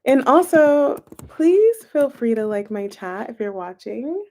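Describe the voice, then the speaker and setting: A woman's voice: fairly high pitch, big pitch swings, a little slow, a little mellow. A young woman streaming a casual tarot reading from home on a close-up phone camera, chatting to viewers and thinking aloud over the cards. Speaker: tarot reader streaming live.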